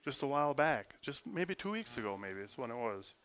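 A man preaching a sermon, earnest, moving between forceful emphasis and quiet, hushed prayer. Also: medium pitch, big pitch swings, a little fast. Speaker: pastor.

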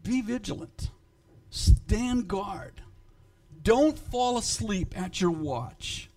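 A man preaching a sermon to his congregation, emphatic and swinging in loudness, halting and repeating words when he speaks off the cuff. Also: high voice, expressive. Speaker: pastor.

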